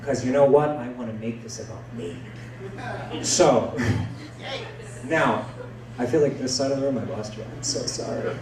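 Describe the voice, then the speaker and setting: A man's voice: medium pitch, moderate pace, pauses often. A man doing a stand-up set, joking crudely and self-deprecatingly with the crowd from a comedy club stage. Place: comedy club stage before a live audience. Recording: roomy club sound from far off.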